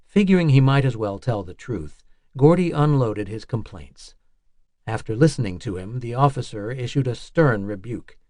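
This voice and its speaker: A man reading a nonfiction audiobook in a measured, even narration style. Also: mid-range voice, dry recording.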